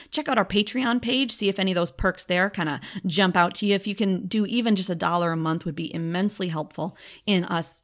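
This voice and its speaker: A woman hosting a podcast, chatty and effusive, wired on coffee as she signs off. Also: on the low side. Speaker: podcast host. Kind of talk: casual podcast outro.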